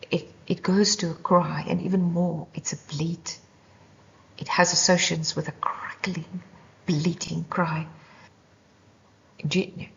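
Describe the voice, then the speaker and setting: A woman's voice: fairly low pitch, creaky, a little hiss or hum. Intense whispering woman Bible teacher. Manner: slow and intense, often dropping to a whisper. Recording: lo-fi dull recording.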